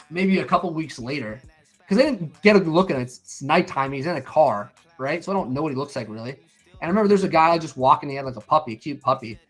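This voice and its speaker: A middle-aged man with a slightly raised voice tells stories in casual chat. He acts out other people's lines and curses freely. Faint music plays behind him. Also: fairly high pitch. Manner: animated storyteller, acts out quotes, swears freely. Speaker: stream co-host.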